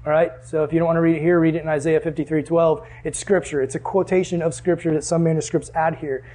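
A young man teaching a Bible lesson to a group, animated and asking the class questions. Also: fairly high pitch, fast talker.

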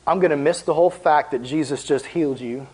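A man preaching as a youth pastor in a casual, animated, conversational way, with lots of filler words. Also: on the high side, brisk, breathy edge, rough recording. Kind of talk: casual sermon.

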